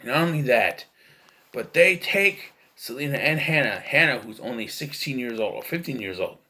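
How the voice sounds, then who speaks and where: A man's voice: mid-range voice, lively intonation, moderate pace, pushed and bright. A man giving a casual, rambling, opinionated film review, full of fillers and restarts. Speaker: movie reviewer.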